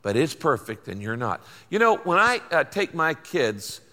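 Older male pastor, bright voice, folksy sermon delivery. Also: fairly high pitch, big pitch swings, normal speed, long reverb tail. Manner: folksy storytelling, emphatic repetition.

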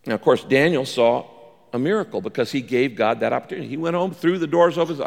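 Male pastor, animated sermon delivery, raspy fry in the voice, echoing sanctuary sound. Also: quick pace. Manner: animated preacher, acts out quoted lines with big pitch jumps. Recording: long reverb of a large hall.

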